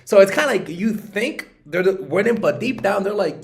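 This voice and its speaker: Playing dating coach, a man speaks casually in an animated way at a moderate pace. He is blunt and profane, constantly tossing out "okay?" and "right?" for agreement, and his voice grows louder and higher as he presses a point.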